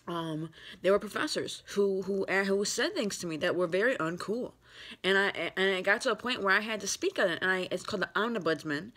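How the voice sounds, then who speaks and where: A woman's voice: medium pitch, fairly quick, fairly bright tone. An upset, tearful woman in her thirties venting in a rambling vlog, full of fillers and restarts. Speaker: vlogger. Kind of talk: emotional personal vlog.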